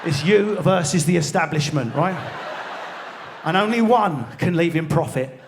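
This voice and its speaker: An English man with an Essex accent doing a live stand-up routine in a large theatre, ranting fast with lots of swearing and sudden shouts. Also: fairly high pitch, expressive, slight background noise. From England. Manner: rapid, swearing, mock-outraged rants with frequent shouting. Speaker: stand-up comedian. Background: audience laughter.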